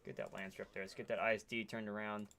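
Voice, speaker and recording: A man with a fairly low voice streams a strategy game and rambles casually between moves. He comments on the action as he plays, in a relaxed chat with a friend. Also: fast.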